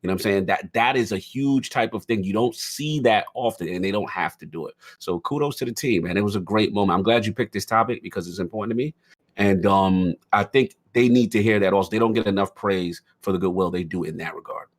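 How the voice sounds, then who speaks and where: A man with a fairly low voice chats casually on a podcast. He speaks in an animated, emphatic way and keeps checking in with his listeners. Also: quick pace. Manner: animated, emphatic, repeats "you know what I'm saying". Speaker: podcast panelist. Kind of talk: casual chat.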